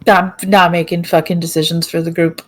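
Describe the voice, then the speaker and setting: A woman's voice: fairly low pitch, little pitch movement, fairly quick. A woman playing a tabletop game, blunt and swearing freely as she thinks aloud. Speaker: player. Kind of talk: tabletop role-play chat.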